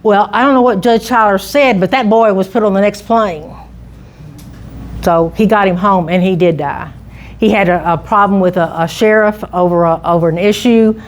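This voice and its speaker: A woman's voice: mid-range voice, moderate pace. A middle-aged woman giving an informal public talk on local history, chatty and full of restarts and asides.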